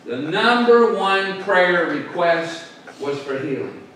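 A man's voice: high voice, animated, takes it slowly, a bit bright, slight background noise. A man, a pastor, preaching a sermon and drawing the congregation into call-and-response. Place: church sanctuary. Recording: echoey church room, voice from a distance.

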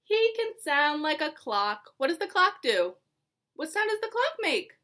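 A young woman teaching preschoolers over video, talking in a slow, singsong, encouraging way. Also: sits high, big pitch swings, pushed and bright. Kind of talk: online circle time for young children. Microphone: phone or camera held close, adjusted mid-video.

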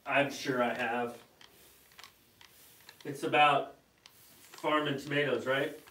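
A man's voice: medium pitch, fairly even intonation, takes it slowly, pushed and bright, roomy sound, recorded from a distance, rough recording. Joking man reading out comments. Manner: joking, reads comments aloud. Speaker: co-host reading viewer comments. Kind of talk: casual live-stream chat.

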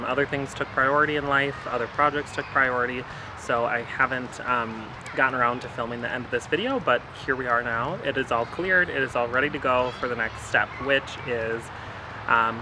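A man vlogging casually to camera from his backyard garden, talking in an easygoing, chatty way straight to his viewers. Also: medium pitch. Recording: noisy outdoor recording.

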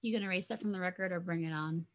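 A woman's voice: lowish voice, rapid-fire. A woman co-hosting a book club podcast in casual chat, joking playfully and cheering on her co-host.

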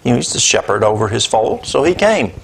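Male pastor, sermon, conversational storytelling, mid pitch, lively swings in pitch. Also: fairly quick, gravelly, a little hiss or hum. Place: church.

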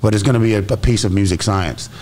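A man's voice: lowish voice, fast, darkish tone. Laid-back man telling stories, laughing easily. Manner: loose, laughing, with restarts. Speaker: actor guest. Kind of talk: casual interview chat.

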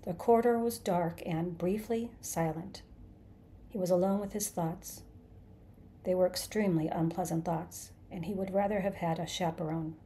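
A woman narrating a comic science fiction novel in a measured, dry storytelling delivery. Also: lowish voice, fairly even intonation, warm tone, slight background noise. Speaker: narrator, podcast host. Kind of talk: scripted audiobook narration.

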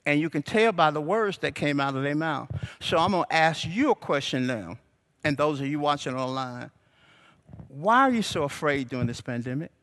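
A man preaching a sermon as pastor, calling out to the congregation and building to shouts. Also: fairly high pitch, expressive, moderate pace. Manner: call-and-response preaching, rising to shouts. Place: church sanctuary.

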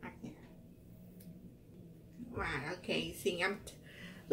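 This young vlogger's voice is on the low side, slow and flat, with background noise behind it. She's unboxing gifts in a casual video, gushing, a bit teary, saying "wow" a lot and addressing everyone as y'all.

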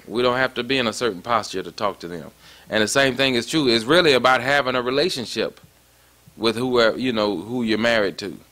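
A man's voice: medium pitch, bright, forceful tone. A man preaching a sermon in a conversational way, often stopping to ask "you see that?". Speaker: pastor.

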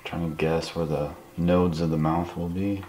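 A man quietly talking through a live portrait drawing in his apartment, soft-spoken with nervous asides. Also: low-pitched, level tone, measured pace, reverberant, slight background noise. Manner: soft-spoken, murmured, self-conscious asides. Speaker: artist demonstrating drawing. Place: apartment room, indoors.

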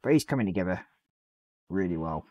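A man hosting a live hobby stream, hoarse and losing his voice, casually talking through a miniature build and apologising. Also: deep voice, lively intonation, fairly quick, darkish tone, no echo. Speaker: hobby livestream host.

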